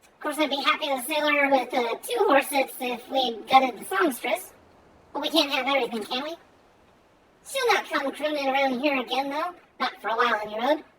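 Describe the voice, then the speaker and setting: A woman's voice: high-pitched, a little fast, a bit bright, distant mic, slight background noise, low-quality recording. A woman reading a game's dialogue, voicing a boozy, blustery old male sailor in a thick put-on brogue. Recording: game music playing underneath.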